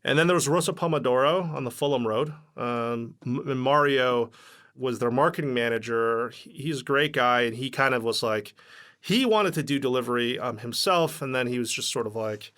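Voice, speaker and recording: A man speaks with a bright, forceful tone, rambling through his memories in a relaxed interview. He fills his talk with "like" and "um" and slips into quoting other people. His pitch sits at an ordinary middle height. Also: normal speed. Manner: rambling, lots of fillers, acts out quoted dialogue. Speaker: company founder, podcast guest. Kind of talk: casual interview storytelling.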